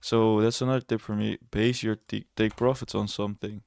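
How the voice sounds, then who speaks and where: A man's voice: fairly low pitch, little pitch movement, brisk, gravelly, darkish tone, clean tone, no room sound. A young man casually walking through his trades on screen, rambling and correcting himself, blunt and a bit sarcastic. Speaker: trading educator. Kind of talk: casual screen-share trading walkthrough.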